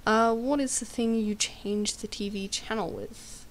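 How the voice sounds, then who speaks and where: A woman's voice: a little high, steady tone, unhurried, a little hiss or hum. Giggly Australian teenage girl. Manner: chatty, giggly, hesitant with many ums. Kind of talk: casual vlog.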